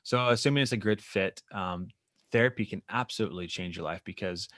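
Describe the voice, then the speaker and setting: On a podcast, a man with a low voice appears as a therapist guest and explains his work animatedly in a casual interview chat, at times briefly acting out what clients say. He speaks fairly quickly, and the recording is dry, with no room sound.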